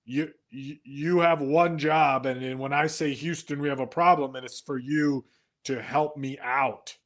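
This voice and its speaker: A man voicing an aggrieved lone astronaut in an improvised comedy scene, complaining in a low, halting voice. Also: steady tone, close to an everyday voice.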